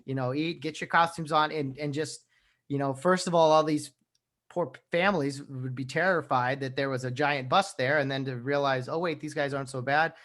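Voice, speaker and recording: A man's voice: mid-range voice, steady tone, normal speed, a bit bright. A man hosting a casual interview, easygoing, laughing along and asking long, loose questions. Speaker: host.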